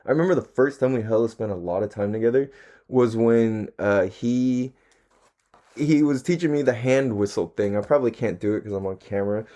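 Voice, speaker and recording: A man's voice: mid-range voice, a little fast, warm tone. Laid-back, profane male podcast host. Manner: laid-back, slangy and profane, laughs often. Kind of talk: casual solo podcast chat.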